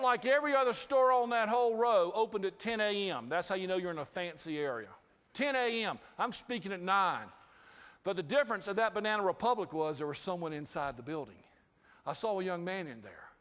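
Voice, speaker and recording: A man giving an inspirational talk, telling a humorous story with lively, acted-out dialogue to a live audience. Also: high voice, fairly quick. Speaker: inspirational speaker. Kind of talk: storytelling keynote speech. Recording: hall reverb.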